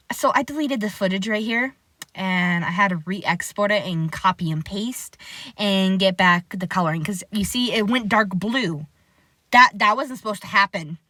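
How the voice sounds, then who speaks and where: A young woman hosting her own art channel, chatting casually and excitably over a speedpaint, rambling and poking fun at herself. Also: a little high, no echo.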